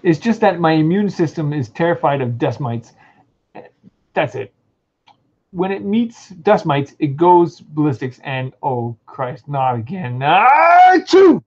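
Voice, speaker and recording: A man's voice: fairly high pitch, animated, unhurried, a little mellow. A man playing a sneezing, flustered human crewman. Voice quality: sneezy, sniffly. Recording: dull lo-fi sound.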